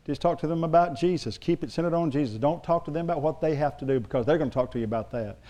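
A man's voice: on the high side, rapid-fire, dark tone. A middle-aged male pastor preaching a sermon, telling stories in a loose, rambling way with restarts.

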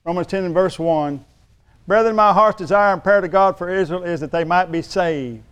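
A man preaching in a church with a high, smooth, resonant voice. He jokes with the congregation, then rises to emphatic, ringing declarations. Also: moderate pace, fairly bright tone. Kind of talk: sermon.

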